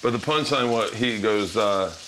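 A man's voice: fairly low pitch, moderate pace, fairly bright tone, a little hiss or hum, poor audio. A man hosting while he cooks, telling stories in a loose, rambling way, laughing often. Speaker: host cooking for guests. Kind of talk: casual storytelling chat. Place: kitchen with food frying. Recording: frying and sizzling behind.

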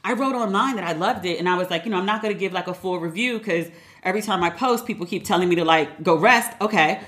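A woman's voice: fairly low pitch, fast, a bit bright. A woman hosting a podcast, talking casually and emphatically, acting out both sides of a conversation with a friend. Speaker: podcast host. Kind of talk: casual solo podcast monologue.

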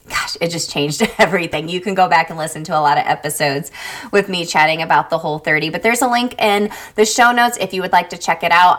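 A woman's voice: on the low side, fairly bright tone. A woman hosting a podcast, upbeat and chatty, laughing often. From Indiana, United States. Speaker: podcast host. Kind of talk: podcast monologue. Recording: faint music underneath.

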